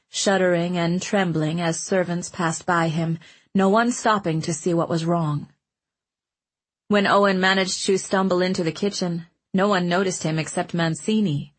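A woman narrating a children's fantasy audiobook in a gentle, measured storytelling manner. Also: fairly low pitch. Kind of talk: scripted narration.

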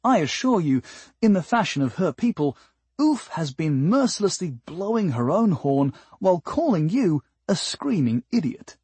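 A man's voice: high voice, sing-song, normal speed, darkish tone, husky, dry recording, voice pushed up, full character voice. A man voicing a chipper alien translator device that adds mocking, insulting asides, in an audiobook. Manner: chirpy helper, mocking asides. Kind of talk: audiobook character voice.

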